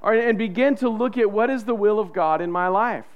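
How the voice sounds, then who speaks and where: A man preaching from the pulpit with a high, bright voice. His tone is smooth and clear. He talks to the congregation in a chatty way and slips into quoted voices to act out what people think. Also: fairly quick, highs cut off. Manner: conversational, acts out quoted inner voices. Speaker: pastor. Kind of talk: sermon.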